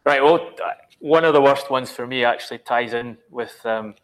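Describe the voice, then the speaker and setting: A man who works as a football journalist, talking through transfer deals in a measured, analytical way with frequent ums. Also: medium pitch, rough recording. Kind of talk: podcast discussion.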